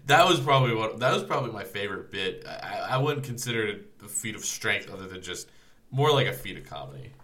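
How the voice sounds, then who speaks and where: A man co-hosts a relaxed podcast conversation and recaps story beats with plenty of laughter. His voice sits a little low but moves a lot, with a bright, forward edge. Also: fast talker. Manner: laughs often, animated recapping. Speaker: podcast co-host. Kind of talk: casual chat about a manga.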